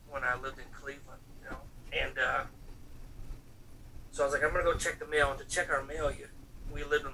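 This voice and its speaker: Bright-voiced man telling profane stories. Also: mid-range voice, a little hiss or hum. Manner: loose, profane storytelling full of fillers and acted-out quotes. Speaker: storyteller in a casual chat. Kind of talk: casual chat. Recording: voice picked up from some distance, faint room ambience.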